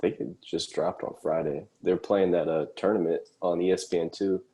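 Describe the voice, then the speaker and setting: A man's voice: low-pitched, fairly even intonation, brisk, dark tone. A man co-hosting a podcast, trading crude jokes in casual chat. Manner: joking, crude banter. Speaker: podcast co-host.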